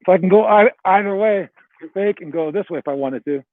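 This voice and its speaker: Brisk and high-pitched, this coach rambles through a motivational talk to his basketball players, leaning on "all right" and "like," before taking them through a drill. It's a dry, tinny, phone-like recording with no echo.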